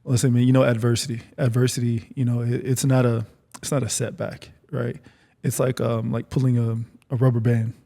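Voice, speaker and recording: A man hosting a casual interview podcast, relaxed and chatty, often repeating his words as he asks follow-up questions. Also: mid-range voice, a little fast, creaky. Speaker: podcast host. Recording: long reverb.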